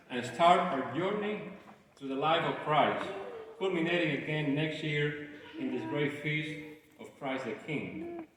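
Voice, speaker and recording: Man deacon, homily, halting, restarts and jokes, church booming from far off. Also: a bit bright, a little hiss or hum. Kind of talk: sermon. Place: large church. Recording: echoey church hall from far off.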